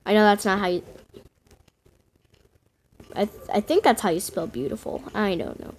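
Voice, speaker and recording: A woman giving casual game commentary to her viewers in an excitable way, often squealing and gasping. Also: mid-range voice, moderate pace, creaky. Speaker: gaming video host.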